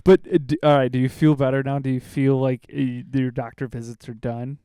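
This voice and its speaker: A man's voice: mid-range voice, level tone, fairly quick, dark tone, clear, resonant tone, no room sound, studio quality. A man co-hosting a casual podcast who laughs often and asks teasing questions. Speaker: podcast co-host.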